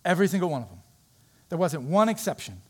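A male pastor delivering a sermon, with a somewhat high-pitched voice. He talks in an earnest, conversational way and tells his story plainly to the congregation. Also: sing-song, fast talker, a little mellow, slightly rough.

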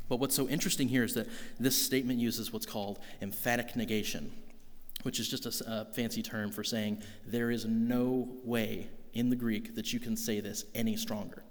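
A pastor with a lowish voice preaches a sermon earnestly and conversationally, posing rhetorical questions to the congregation. A long reverb tail follows his words.

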